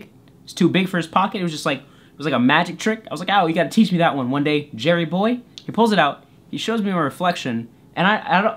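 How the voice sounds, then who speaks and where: A man's voice: a little high, a bit bright. Goofy young man telling a story. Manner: goofy, self-deprecating, jumps into voices. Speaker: YouTuber storyteller. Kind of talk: comedic story time vlog.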